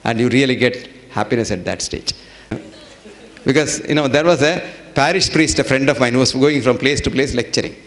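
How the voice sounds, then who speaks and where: A man with an Indian accent delivers a talk to a live audience. He tells funny little stories and stretches out his key words for weight. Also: mid-range voice. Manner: humorous storytelling, slows to stress points. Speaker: lecturer. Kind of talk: public lecture with anecdotes.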